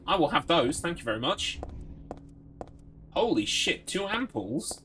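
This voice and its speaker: A man's voice: on the high side, sing-song, normal speed, pauses often, a bit bright, a little hiss or hum. A young British man streaming a horror game, reading item text aloud and joking with his chat. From Britain. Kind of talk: casual game commentary.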